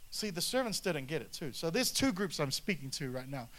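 A man preaching a sermon to a congregation, animated, with frequent asides and calls for the crowd to respond. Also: fairly high pitch, a little fast, hardly any pauses. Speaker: pastor.

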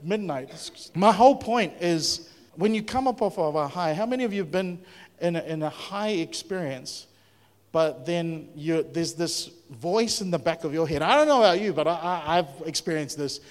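A pastor preaches in a lively, chatty way, often turning questions to his congregation. His voice sits a little high. A long reverb from the church hall trails every phrase. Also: normal speed. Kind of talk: sermon.

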